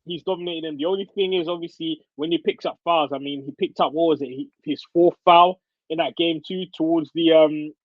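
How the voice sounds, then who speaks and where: A man appearing as a podcast guest, chatting casually and in a relaxed way about basketball. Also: on the high side, brisk, no room sound. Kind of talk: casual sports chat. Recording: dull, dry sound.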